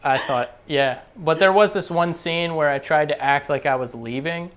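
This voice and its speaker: A man co-hosting a casual livestream, relaxed and joking about himself. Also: fairly high pitch, moderate pace. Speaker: co-host and husband.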